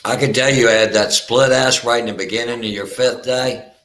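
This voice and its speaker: A man's voice: mid-range voice, fairly even intonation, moderate pace, fairly bright tone. A man joining a live stream chat as a guest, friendly, calling people buddy and brother. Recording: echoey room with faint noise.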